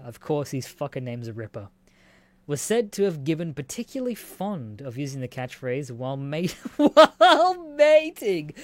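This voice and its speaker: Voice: medium pitch, dry recording. A speaker reading out odd news stories and reacting with incredulous, laughing, swearing asides. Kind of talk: casual reaction commentary.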